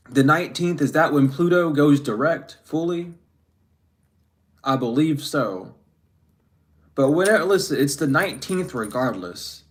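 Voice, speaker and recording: A man's voice: fairly high pitch, animated, a little slow, pauses often. A man delivers a casual spiritual reading in an unscripted monologue. He talks bluntly, swears often and rambles, restarting his sentences as he goes. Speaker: spiritual reader.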